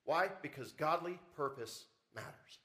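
A man's voice: a little high, expressive, measured pace, pushed and bright. A man preaching a sermon as pastor, with rising emphasis and frequent rhetorical questions to the congregation. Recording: church service audio recording.

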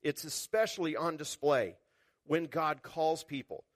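A man's voice: a little high, a little slow, dry recording, clean studio sound. A man preaching a sermon in a conversational way, with wry humor and quotes he acts out.

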